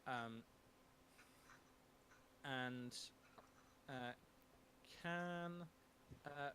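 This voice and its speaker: A man runs a tabletop role-playing session, pausing often with ums and restarting his sentences. His pitch sits in a middle range, and a faint hum sits under the recording. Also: pushed and bright. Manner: hesitant, many ums and restarts. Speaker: game master. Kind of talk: narrating a tabletop game.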